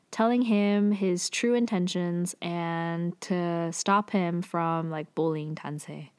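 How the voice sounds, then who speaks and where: A woman's voice: on the low side, a little mellow, no echo. Woman going over a drama episode, super casual, lots of like and um, dry close mic. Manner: chatty, frequent "like" and "um" fillers, offhand asides. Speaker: drama recap vlogger. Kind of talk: casual plot recap.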